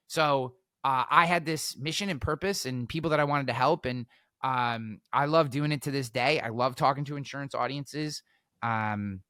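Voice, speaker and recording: A man telling stories as a podcast guest, energetic, repeating words and acting out quotes. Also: fairly high pitch, dry recording, clean studio sound. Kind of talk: animated storytelling.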